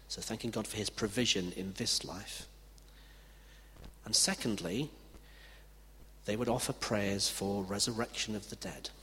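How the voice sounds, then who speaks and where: A man preaching a sermon with emphatic delivery. He swings from loud declarations to hushed passages. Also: fairly low pitch, steady tone, unhurried, long pauses. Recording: reverberant hall with faint background noise.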